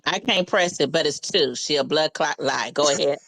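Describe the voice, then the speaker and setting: A woman's voice: low voice, normal speed, gravelly, fairly bright tone, slight background noise. A woman chiming in on a live talk show, blunt and openly mocking.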